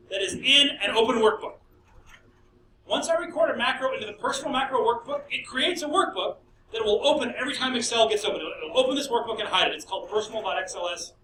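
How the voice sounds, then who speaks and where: This middle-aged professor has a very high, bright, forceful voice, and he lectures chattily with storytelling asides. A distant mic in an echoey classroom picks him up along with faint noise.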